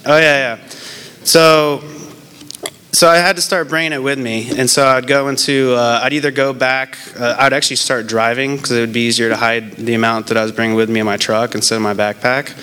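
Smooth-voiced man rambling through his story. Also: medium pitch, fairly even intonation, sharp tone. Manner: rambling, halting, many fillers and restarts; candid and self-deprecating. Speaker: person in recovery sharing his story. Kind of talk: casual personal testimony.

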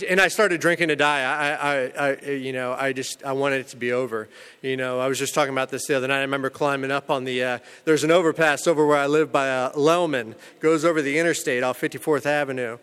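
A man telling his own recovery story in a candid, rambling way, full of "you know" and "man", with self-mocking humor about a dark past. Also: medium pitch, steady tone, fairly quick, clean tone, in a large hall.

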